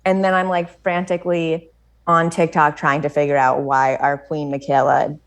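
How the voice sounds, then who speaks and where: Animated American woman podcast guest. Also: low-pitched, normal speed. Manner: animated storytelling, many "like" fillers, frequent laughter. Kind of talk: casual chat.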